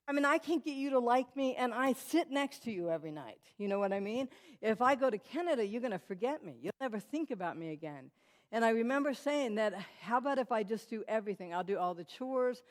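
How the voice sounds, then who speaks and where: Speaking at a medium pitch, a woman gives her testimony as a guest speaker in a church hall. Her storytelling is conversational and addressed directly to the audience, full of fillers and false starts.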